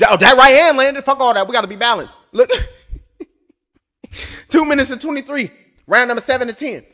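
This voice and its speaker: Excitable high-voiced male boxing commentator. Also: normal speed. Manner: loud, excitable, profane, joking asides. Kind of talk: live blow-by-blow commentary.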